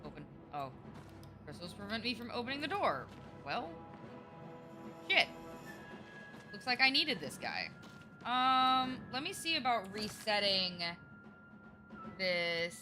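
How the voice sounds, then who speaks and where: A woman's voice: medium pitch, big pitch swings, slow, pauses often, music in the background. A woman streaming a game, chatting casually with viewers, swearing freely and teasing them. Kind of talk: casual livestream chat while gaming.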